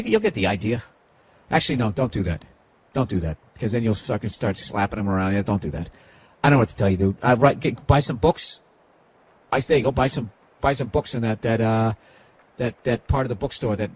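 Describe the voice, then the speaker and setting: A man's voice: mid-range voice, quick pace, darkish tone, slight background noise. A man with a Boston accent, hosting a podcast and giving profane, rambling comedic advice. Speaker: podcast host.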